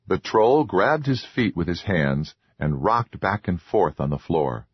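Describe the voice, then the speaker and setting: A man narrating a horror audiobook in a measured, expressive reading. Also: low-pitched, breathy edge, no echo, muffled recording.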